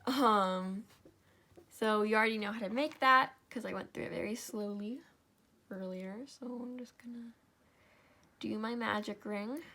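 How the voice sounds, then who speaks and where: A young woman walks through a craft tutorial at a slow, easy pace. She sounds tired, yawns often and keeps apologizing, counting stitches aloud as she goes. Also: medium pitch, bright, forceful tone. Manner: sleepy, yawning and apologetic. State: tired, yawning.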